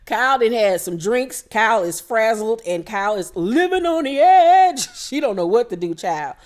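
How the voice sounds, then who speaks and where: A woman's voice: a little high, animated, a little mellow. Blunt, profane woman recapping reality TV. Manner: blunt, profane, quotes cast members in quick impressions. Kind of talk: casual recap commentary.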